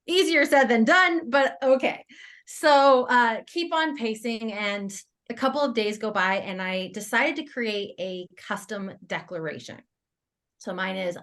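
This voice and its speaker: A woman guest on an interview podcast, telling a personal story in a casual, animated way. She laughs often and acts out her own thoughts as quoted lines. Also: fairly high pitch, unhurried. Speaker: guest entrepreneur.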